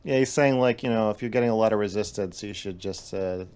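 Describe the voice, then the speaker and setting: A man's voice: fairly low pitch, quick pace, darkish tone, smooth. A man speaking in a hedging, thoughtful way in a casual stream debate.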